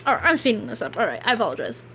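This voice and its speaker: Woman streamer, higher voice, rambling and self-deprecating over a game, faint room noise. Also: big pitch swings, rapid-fire, gravelly, sharp tone. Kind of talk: casual gameplay stream chat.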